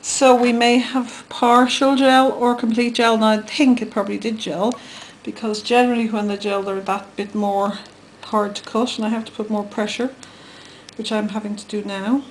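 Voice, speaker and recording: Chatty giggly woman, higher voice. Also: little pitch movement, moderate pace, a little hiss or hum. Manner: chatty and giggly, trails off and hesitates. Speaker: soap maker and channel host. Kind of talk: casual chat while demonstrating.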